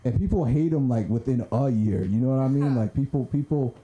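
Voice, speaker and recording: A man doing halting open mic stand-up, hesitant and repetitive, leaning on fillers. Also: mid-range voice, warm tone, poor audio. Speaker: stand-up comic. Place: small comedy club stage.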